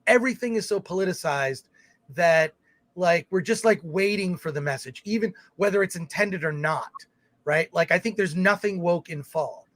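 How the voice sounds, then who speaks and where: This podcast co-host has a high, slightly bright voice and speaks at a moderate pace, recorded dry. He chats casually on a live film talk show, wandering through his points, restarting often, and reading out viewer comments.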